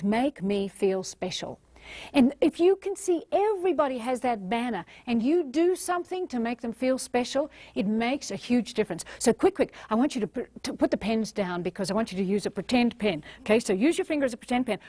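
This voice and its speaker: Lively high-voiced woman leading a seminar. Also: dry recording. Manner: playful, animated, addresses the audience directly and leads exercises. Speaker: communication and leadership trainer. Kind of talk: motivational seminar talk to a live audience.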